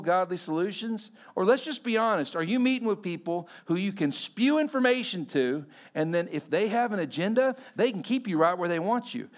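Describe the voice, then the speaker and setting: A pastor giving a sermon in a conversational way, often quizzing the congregation. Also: male voice, high voice.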